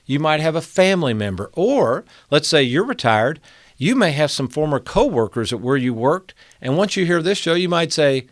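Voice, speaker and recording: A man in his fifties hosting a financial show, pitching his service to viewers in an earnest, salesman-like way with rhetorical questions. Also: very animated, normal speed, no room sound, studio quality. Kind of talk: direct-to-camera talk.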